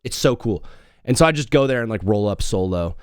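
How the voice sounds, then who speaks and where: Lively young male sports host. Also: fairly low pitch, a little fast, clean tone, no room sound, studio quality. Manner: animated, laughs often, acts out callers. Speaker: sports talk show host. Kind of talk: casual podcast chat.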